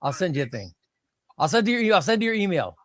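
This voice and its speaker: A high, bouncy male voice that swings all over the place, hosting a comic book livestream. He talks in an excitable, flustered, self-deprecating way. The sound is dry and close, with no room around it. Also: fast, no room sound. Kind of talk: casual live stream chat.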